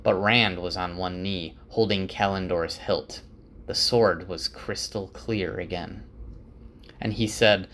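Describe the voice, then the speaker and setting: Low-voiced man casually summarizing a book. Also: steady tone, slow pace, a bit bright. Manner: casual, full of "like" and "uh".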